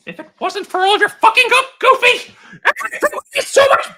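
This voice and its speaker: A man voicing an evil male cartoon mouse, shrill and cursing furiously. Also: expressive, a little fast, bright, forceful tone, exaggerated voice.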